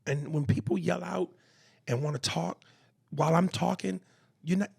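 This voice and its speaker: A man with a New York accent co-hosting a comedy podcast, talking in profane, animated banter and reading listener messages aloud. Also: a little high, normal speed, gravelly, long pauses, husky. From East Coast of the US. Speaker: podcast co-host.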